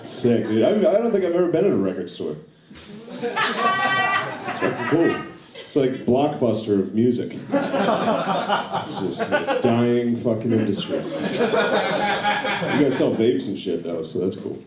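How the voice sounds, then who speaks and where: A man's voice: mid-range voice, wildly swooping pitch, measured pace, pauses often. A man in his thirties doing a stand-up set, telling casual, profane stories and mimicking other people's voices. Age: 30s. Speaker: stand-up comedian. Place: comedy stage before a live audience. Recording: roomy live club recording with crowd laughter.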